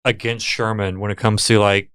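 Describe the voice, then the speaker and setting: A man's voice: lowish voice, flat delivery, moderate pace, fairly bright tone, clean tone. Laid-back podcast guy retelling a film. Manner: laid-back storytelling, fillers like "literally" and "like". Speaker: podcast co-host. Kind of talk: casual film recap chat.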